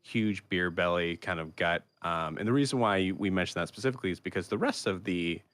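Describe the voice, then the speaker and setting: A young man narrating as game master, describing scenes haltingly with many fillers. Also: low voice, a bit bright, dry recording.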